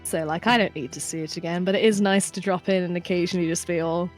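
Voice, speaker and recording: A woman's voice: on the low side, steady tone, fast, faint music behind. Chatty woman co-hosting a stream. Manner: chatty, rambling storyteller who laughs often. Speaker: stream co-host. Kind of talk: casual chat on a game stream.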